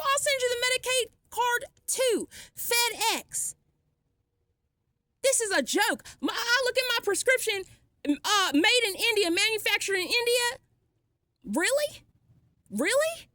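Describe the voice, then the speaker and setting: A woman's voice: very high-pitched, animated, unhurried, pushed and bright, dry recording, clean studio sound. A woman vlogging a defiant, sarcastic rant, blunt and swearing freely. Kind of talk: ranting vlog monologue.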